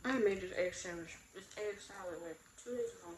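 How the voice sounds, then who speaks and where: A woman vlogger telling a storytime in a casual, blunt, animated way, acting out both sides of a quarrel. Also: mid-range voice, brisk, echoey room, slight background noise, rough recording. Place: room in her home.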